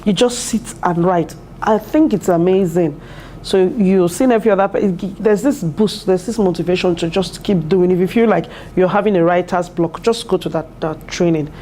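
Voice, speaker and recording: A woman in her thirties speaks in a mellow, lowish voice, earnest and heartfelt as she describes her studies. She talks in an interview, with plenty of fillers and restarts. A faint ambient hiss sits behind her. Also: normal speed. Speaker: PhD student and mother. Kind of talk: interview testimonial. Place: university building.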